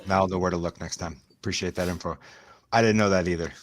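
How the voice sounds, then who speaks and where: A man on a casual panel chat tossing in quick, wry remarks. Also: sits low, steady tone.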